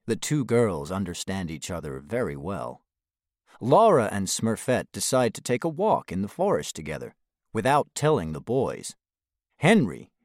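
A man reading a children's storybook aloud, expressive and dropping low on the speech tags. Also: no echo, studio quality. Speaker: narrator.

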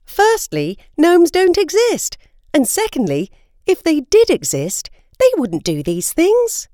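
A woman voicing a curious, skeptical young daughter in a storybook reading, with a high questioning voice. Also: huge pitch swings, slow, dark tone, no echo, studio quality, full character voice.

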